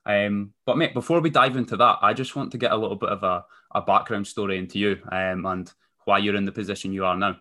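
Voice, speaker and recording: A man hosting a podcast, relaxed and friendly, pausing often with ums. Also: on the low side. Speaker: podcast host. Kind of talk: casual podcast interview.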